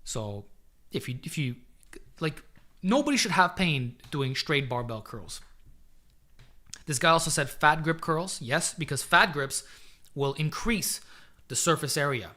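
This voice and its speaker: A man hosting a casual live-stream Q&A as a fitness coach, giving training advice in an energetic, chatty way and calling viewers "man", speaking into a desk microphone he sometimes leans away from. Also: a little high, measured pace, long pauses.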